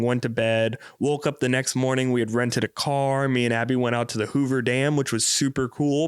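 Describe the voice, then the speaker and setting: A man's voice: medium pitch, clean tone, no room sound. Podcast host, young man, casual and profane storyteller, resonant dry voice. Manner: rambling, profane, with lots of fillers.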